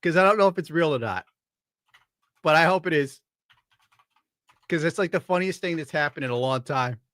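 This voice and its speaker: A man's voice: on the high side, lively intonation, moderate pace, fairly bright tone, no echo. A man from upstate New York giving crude, sarcastic commentary while browsing, laughing often. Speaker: streamer host.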